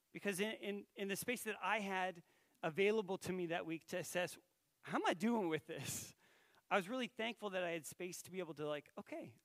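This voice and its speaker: Male pastor, high voice, dry close sound, chatty storytelling sermon. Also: fairly bright tone, dry recording. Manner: conversational, storytelling, asks the audience questions.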